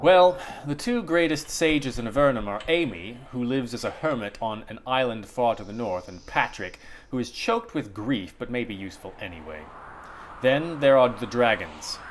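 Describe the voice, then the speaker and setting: A man reading the lines of a cold, vengeful exiled sorceress in a slow, deliberate, menacing way. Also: mid-range voice, expressive, slight background noise, natural voice. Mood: aloof.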